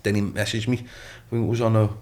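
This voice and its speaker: A man's voice: on the low side, fast talker. A young man, a boxer as guest on a podcast, telling stories animatedly and often asking "you know what I mean". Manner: animated storytelling, acts out quotes, swears, repeats "you know what I mean". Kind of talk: casual podcast chat.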